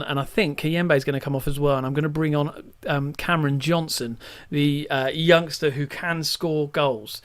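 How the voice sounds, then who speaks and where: A man chatting casually at home while playing a football management game, rambling and bursting into excited shouts when chances come. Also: a little high. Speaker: let's play host. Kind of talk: casual gameplay commentary. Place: at home at a desk.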